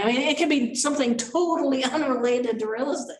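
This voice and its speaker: A fairly high-voiced woman coaches a small group in a meeting room. She is animated and acts out gestures and little voices. She is picked up from a distance in an echoey room, with faint noise underneath. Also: fairly quick, few pauses. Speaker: sales coach.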